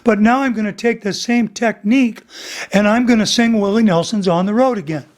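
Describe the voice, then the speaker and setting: High-voiced older male vocal coach. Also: brisk. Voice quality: voice he says is damaged. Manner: animated, breaks into singing demonstrations. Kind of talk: casual teaching interview with sung examples.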